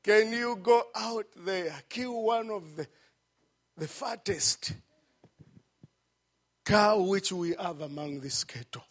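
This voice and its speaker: A man preaching a sermon. He swings from shouted peaks to hushed, low passages and repeats phrases for emphasis. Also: slow pace, pauses often.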